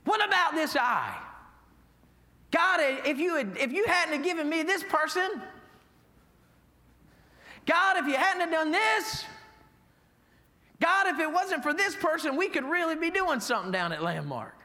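A man's voice: very high-pitched, big pitch swings, unhurried, long pauses, pushed and bright, voice pushed up, exaggerated voice. A man voicing a whiny adult churchgoer griping to God. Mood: whining. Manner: whining, griping. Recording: echoey hall.

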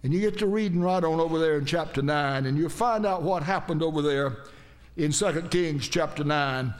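Male preacher with a high voice, folksy storyteller who keeps checking in with the congregation. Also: moderate pace. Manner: folksy, dramatic retelling with asides to the audience. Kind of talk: storytelling sermon.

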